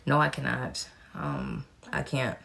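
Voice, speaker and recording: Young woman vlogger, very deep voice, heavy vocal fry, frank casual Q&A. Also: big pitch swings, slow pace, a bit bright. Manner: chatty and frank, with casual cursing. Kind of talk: casual Q&A vlog.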